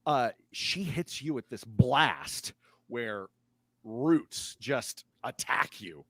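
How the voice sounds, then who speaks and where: Male game master, slow and very animated, laughing narration, dry close mic. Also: medium pitch, slightly rough, no echo. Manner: laughing, animated narration with sudden shouted character cries.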